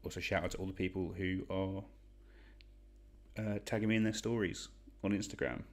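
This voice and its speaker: A young man from England hosting an online quiz, chatty and self-deprecating as he reads out questions and shout-outs. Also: deep voice, steady tone, normal speed. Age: young adult. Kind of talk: casual quiz hosting livestream.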